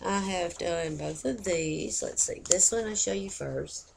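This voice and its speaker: A woman's voice: lowish voice, a little slow, gravelly, noisy background. A woman, chatting casually and folksily to camera in a rambling way. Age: 50s. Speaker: vlogger.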